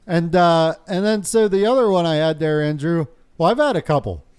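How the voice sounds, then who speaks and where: A man's voice: on the high side, normal speed, a little mellow, smooth. A man telling a rambling, profane story on a podcast, laughing often as he talks. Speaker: podcast co-host. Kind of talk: casual storytelling among friends.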